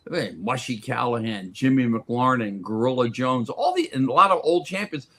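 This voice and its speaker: A man's voice: medium pitch, big pitch swings, normal speed, pushed and bright. A man who is a guest on a sports talk radio show, telling stories in a casual chat and often restarting and repeating words.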